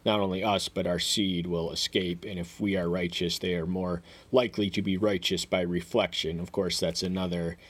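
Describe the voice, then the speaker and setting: A man with a fairly low voice teaches through a passage of scripture, one verse at a time. His talk is halting and full of fillers and restarts. When he quotes a verse he lifts his voice and reads it out more loudly. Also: little pitch movement. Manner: reads verses aloud in a raised voice. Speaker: Bible teacher. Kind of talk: verse-by-verse Bible commentary.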